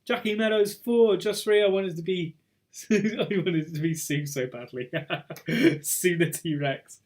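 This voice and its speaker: Chatty high-voiced quiz host. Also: male voice, takes it slowly, darkish tone. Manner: chatty and teasing, reads out scores and names. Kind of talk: casual online pub quiz hosting.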